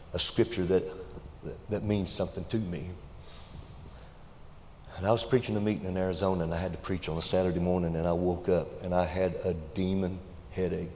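Telling stories from the pulpit in a homespun manner, a deep-voiced preacher rises to loud, emotional high points. A long echo fills the large church hall, with faint noise in the background.

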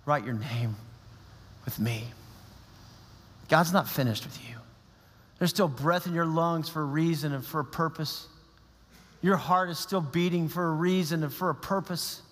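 High-voiced guy preaching, fired up, big reverb hall sound. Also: a little slow, long pauses, fairly bright tone. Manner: impassioned, rising to emphatic declarations. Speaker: pastor. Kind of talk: sermon. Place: church.

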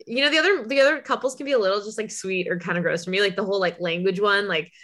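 A woman's voice: mid-range voice, very fast, a bit bright. Woman, casual podcast guest, rambling and chatty delivery. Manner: chatty, many "like" fillers, laughs easily.

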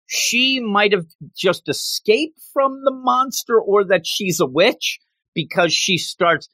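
A man co-hosting a podcast and telling a casual, joking recap of a cartoon episode like an animated storyteller. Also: high voice, takes it slowly, dry recording. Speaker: podcast co-host.

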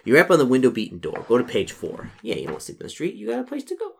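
A man's voice: medium pitch, huge pitch swings, rapid-fire, gravelly, hardly any pauses, darkish tone, breathy edge. A man reading aloud from a solo horror gamebook, breaking off for casual, joking asides. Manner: casual asides, chuckles at own slips. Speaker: solo gamebook player and narrator.

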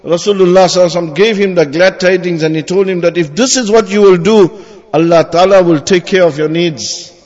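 A male preacher giving a Friday sermon, reciting Arabic verses quickly and then translating, often saying "my dear brothers" and asking "huh?" to the congregation. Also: high voice, darkish tone. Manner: repeats "my dear brothers" and asks "huh?" to the audience. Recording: dull recording with long hall reverb.

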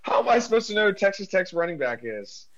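An exasperated young man on a sports podcast with quick comebacks. His fairly high, lively voice comes through a dull, lo-fi line. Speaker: podcast co-host. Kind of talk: casual sports chat.

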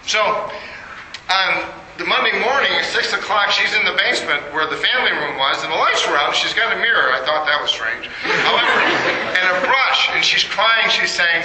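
A man's voice: high voice, animated, normal speed, bright, forceful tone. A man giving an interactive lecture, quizzing the audience and making joking asides. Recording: echoey room with noise.

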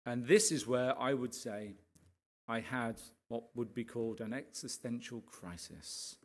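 A man, a pastor, giving a lively sermon testimony full of asides to his listeners and passionate outbursts. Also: medium pitch, measured pace. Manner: animated storytelling, rising to impassioned rants with frequent asides to the audience.

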